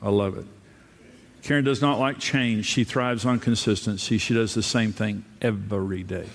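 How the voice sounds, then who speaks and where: A man's voice: fairly low pitch, fairly even intonation, moderate pace, slight background noise. A man preaching a humorous sermon to a live crowd, telling self-deprecating stories about his marriage and often restarting and repeating words. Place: large auditorium before a crowd. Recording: reverberant hall with faint ambience.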